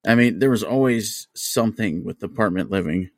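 A man's voice: fairly low pitch, moderate pace, no echo, clean studio sound. Profane, storytelling man on a podcast. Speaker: podcast host. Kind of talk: casual chat over drinks.

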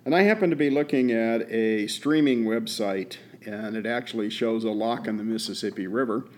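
A man's voice: fairly low pitch, moderate pace, a little hiss or hum. A man co-hosting a podcast, telling a story in a folksy, easygoing way with many fillers and restarts. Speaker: podcast co-host. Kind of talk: casual chat.

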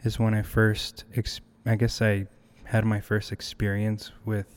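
A young man appears as a podcast guest in a casual conversational interview, speaking in a lowish, completely flat voice a little slowly. He's reflective and hesitant, often restarting his sentences.

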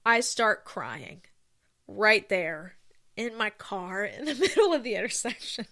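A woman hosting her own podcast, rambling through casual stories with self-deprecating asides and bursts of excitement. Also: mid-range voice, a little slow. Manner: gushes with excitement. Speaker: podcast host. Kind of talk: casual solo podcast chat.

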